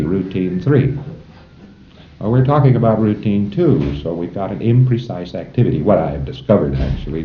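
A man lecturing a class of trainees in a folksy way, chuckling now and then and acting out short exchanges between tutor and student. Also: on the low side. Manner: folksy, chuckling, acts out dialogues. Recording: roomy, dull old lecture tape.

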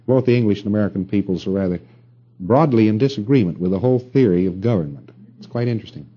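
A man's voice: lowish voice, fast talker, husky, muffled recording. A middle-aged man giving a rambling lecture to an audience, with wry asides and rhetorical questions.

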